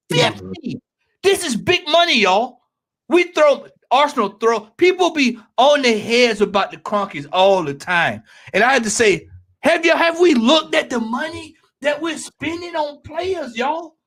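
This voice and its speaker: High-pitched, animated man ranting. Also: unhurried. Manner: loud, emphatic, repeats points for emphasis. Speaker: podcast panelist. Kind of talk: heated podcast rant.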